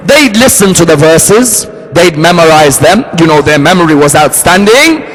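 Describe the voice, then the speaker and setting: A man preaching a sermon, telling a story with acted-out dialogue and shifting his pitch and pace freely. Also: lively intonation, normal speed, fairly bright tone. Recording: long hall reverb.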